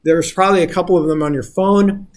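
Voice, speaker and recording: A man's voice: high-pitched, steady tone, quick pace, darkish tone. A male instructor giving a casual lecture, explaining step by step and often checking if the class follows.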